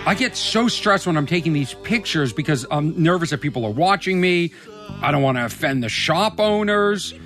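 A man's voice: high voice, sharp tone. A man hosting his own show, telling rambling stories in a casual monologue full of fillers and restarts. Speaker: comedian podcast host.

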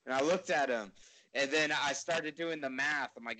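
A man's voice: a little high, normal speed, crowd noise, rough recording. A man in casual storytelling chat, rambling and laid-back, swearing and laughing at himself.

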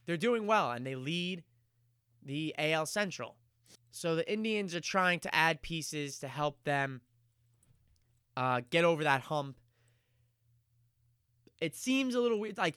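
A man's voice: a little high, bright, forceful tone, smooth, no room sound, studio quality. A man hosting his own podcast, rambling loosely through casual sports talk with plenty of fillers and the odd curse word. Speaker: podcast host.

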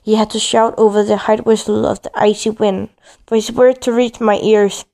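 A woman's voice: mid-range voice, level tone, normal speed, creaky, warm tone. A woman reading a first-person story aloud, stumbling and restarting now and then. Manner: reads with frequent slips and restarts.

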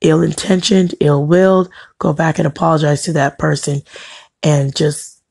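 Gravelly husky woman preaching encouragement. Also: low voice, fairly even intonation, normal speed, a little mellow, dry recording. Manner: earnest, preaching encouragement with emphatic repetition. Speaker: faith-based motivational speaker. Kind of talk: inspirational devotional talk.

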